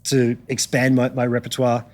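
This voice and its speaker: A man's voice: mid-range voice, completely flat delivery, moderate pace. Australian man, casual podcast storytelling, laid-back, slangy, frequent ums and restarts. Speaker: guitarist guest.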